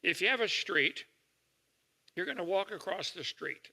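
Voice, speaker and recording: An older man giving a folksy lecture to an audience, explaining slowly with homely examples and checking in with listeners. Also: high-pitched, animated, gravelly, bright, forceful tone. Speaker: creationist lecturer. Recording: reverberant hall recording.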